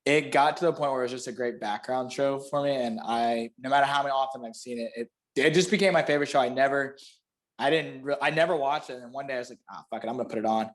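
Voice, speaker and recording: A man's voice: mid-range voice, fast. A man with a Florida panhandle accent, a guest on a podcast, explaining exercise cues in casual chat and laughing easily. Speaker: guest, fitness clinician.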